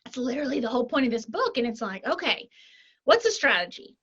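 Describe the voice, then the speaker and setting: A woman life coach talking as a podcast guest, animated, walking through example scenarios and checking in with frequent tag questions. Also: sits high, quick pace, husky, highs cut off. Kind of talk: conversational interview.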